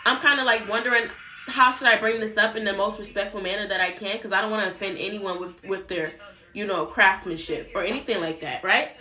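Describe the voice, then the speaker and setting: A young woman telling a storytime on her vlog in a chatty, animated way, swearing and talking straight to her viewers. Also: mid-range voice, brisk. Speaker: vlogger. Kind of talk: casual storytime chat. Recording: roomy echo, faint background music.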